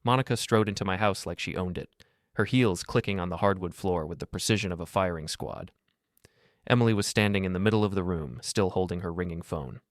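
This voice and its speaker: Brief: man, low voice, dry close recording, steady story narrator. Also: fairly quick, no echo. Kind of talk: scripted first-person story narration.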